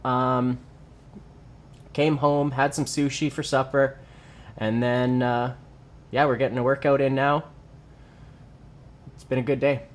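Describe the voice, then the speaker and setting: Man, young adult, casual livestream chat, answers viewer comments, mid-pitched voice. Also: little pitch movement, unhurried, long pauses. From Canada. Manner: chatty, reads viewer comments aloud and answers them. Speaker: livestreamer and lifter. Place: home workout space.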